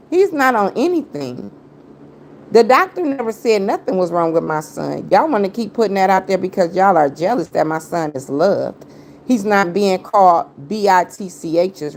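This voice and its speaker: A woman's voice: medium pitch, a little mellow, slight background noise. A woman livestreaming an angry rant at her critics, confrontational and taunting, repeating her jabs in heavy slang. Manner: heavy slang, talks straight at viewers.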